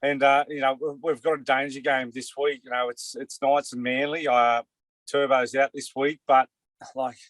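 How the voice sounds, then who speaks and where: A man's voice: mid-range voice, flat delivery, moderate pace, a bit bright, dry recording. An Australian man with a mid-range voice talks sport in a loose, rambling way. He leans on "mate" and "you know" all the time. The sound is dry and close. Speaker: co-host, former player. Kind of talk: casual sports chat.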